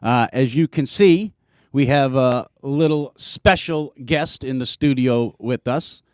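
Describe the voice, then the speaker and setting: A man's voice: mid-range voice, slow pace, no echo, clean studio sound. A man hosting a casual sports podcast, swearing, telling stories and ribbing his guest. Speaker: podcast host.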